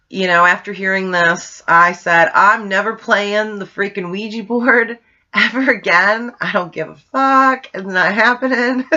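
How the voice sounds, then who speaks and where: A woman's voice: lowish voice, muffled recording. Laughing young woman telling a ghost story. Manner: animated, laughing, swearing freely. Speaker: vlogger. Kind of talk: casual storytelling to camera.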